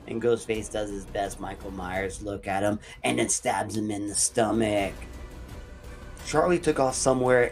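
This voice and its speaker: A man's voice: mid-range voice, vocal fry. A man casually retelling a horror movie plot in long run-on sentences, swearing now and then. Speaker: storyteller.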